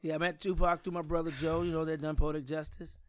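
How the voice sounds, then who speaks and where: Middle-aged man, comedian guest, animated storyteller, casual slang, fairly high voice, dry close sound. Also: fast, dry recording.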